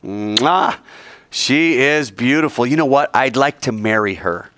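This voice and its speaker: A man's voice: medium pitch, expressive, unhurried, a bit bright, no room sound. A man voicing an eager young man who is smitten and trusting, with a gushing, easygoing manner.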